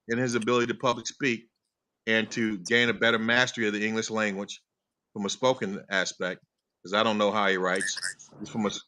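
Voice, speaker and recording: Emphatic bright-voiced man. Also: mid-range voice. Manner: emphatic, rising to passionate insistence. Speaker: panelist. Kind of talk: barbershop debate.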